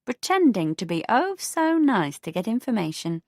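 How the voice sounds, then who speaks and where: A woman's voice: a little high, sing-song, moderate pace, darkish tone, dry recording, studio quality, voice pushed up. A woman putting on a prim, fussy old neighbour lady. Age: older. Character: prim elderly woman neighbour, gossipy and proud.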